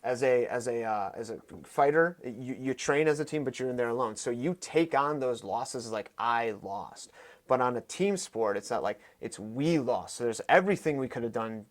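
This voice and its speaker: A man in his thirties speaks as a podcast guest in an animated conversational way, with a pitch in the middle range. He tells stories with emphasis and speeds up in quick bursts. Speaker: podcast guest, fight coach. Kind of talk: conversational storytelling.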